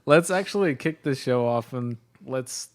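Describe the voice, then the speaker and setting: A man co-hosting a tabletop game podcast, reading a joke sponsor spot and recapping the last session in a dry, deadpan way. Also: mid-range voice, measured pace. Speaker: game master and co-host. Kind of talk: casual podcast chat.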